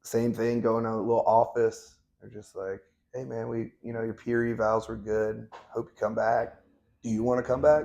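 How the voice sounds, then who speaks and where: Low gravelly-voiced man in his thirties. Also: flat delivery, moderate pace, a little mellow. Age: 30s. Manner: blunt, profane, laid-back storytelling. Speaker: guest. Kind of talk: casual interview storytelling.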